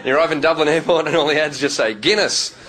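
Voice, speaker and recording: An Australian man doing stand-up comedy on a club stage, telling stories with quick character voices. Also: on the high side, very noisy. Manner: lively storytelling, slipping into quick character voices. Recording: live club recording with loud crowd. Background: loud audience laughter.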